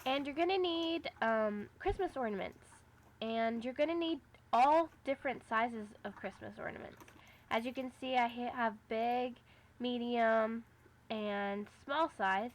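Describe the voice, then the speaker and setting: A woman's voice: fairly high pitch, slight background noise. Chatty woman explaining a craft project. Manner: chatty, step-by-step instructions with fillers. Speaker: craft vlogger. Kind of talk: casual how-to tutorial.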